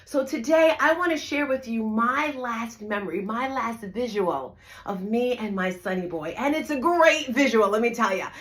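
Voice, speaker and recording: A woman's voice: a little high, lively intonation, normal speed, few pauses. A middle-aged woman from New Jersey, a fitness instructor, telling a personal story to an audience in a conversational, emphatic way, often checking in with "right?". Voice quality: emphatic, repeats phrases for effect. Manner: conversational, asks "right?" to listeners.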